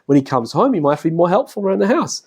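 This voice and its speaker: Chatty man lecturing with animated pitch. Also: fast, breathy edge. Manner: chatty, laughs often, acts out voices of family members. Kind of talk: casual spoken lecture with anecdotes. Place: classroom.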